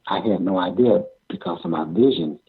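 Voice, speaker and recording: An older man telling stories from his wrestling career in an interview, halting and repeating himself, often chuckling. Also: low-pitched, slightly rough. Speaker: amateur pro wrestler. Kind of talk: interview storytelling. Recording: tinny phone-like sound.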